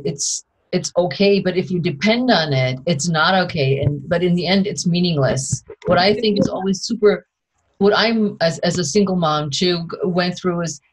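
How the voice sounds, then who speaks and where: A woman's voice: lowish voice, poor audio. A woman hosting an interview over a video call, answering her guest with empathy and personal asides. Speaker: host.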